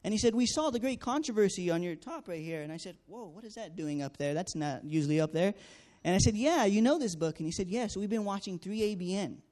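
A man tells a personal testimony in an earnest, storytelling manner. His voice sits a little high for a man. He acts out each exchange and leans on fillers as he goes. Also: fast talker, hardly any pauses, darkish tone. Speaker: student canvasser sharing a testimony.

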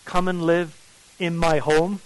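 A preacher speaking as a kindly queen, gentle and inviting, with an English accent. The voice sits fairly high for a man and sounds dry and close. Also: little pitch movement, slow pace, dry recording, rough recording. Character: kindly queen greeting an orphan.

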